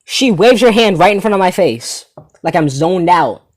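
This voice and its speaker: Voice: mid-range voice, expressive, normal speed. A teenager hosting a comedy channel, telling a rambling story about school and a girlfriend while swearing casually.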